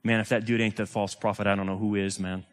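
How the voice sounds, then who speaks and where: A middle-aged male pastor preaching a sermon, animated and sarcastic, with casual slang and big swings between loud and hushed delivery. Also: lowish voice, fast talker.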